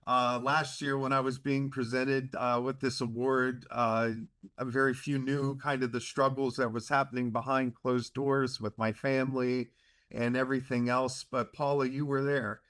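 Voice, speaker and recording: A man chairing a committee, presenting an award in a halting, emotional way over a video call. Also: medium pitch, flat delivery, fairly bright tone, clear, resonant tone. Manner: emotional, halting, many fillers.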